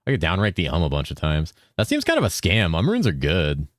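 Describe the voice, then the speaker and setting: A man's voice: low-pitched, wildly swooping pitch, brisk, no room sound, studio quality. A man from California streaming a game, chatting casually with viewers, reading chat aloud, swearing and saying dude all the time. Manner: laid-back, swears often, says dude constantly, reads chat aloud.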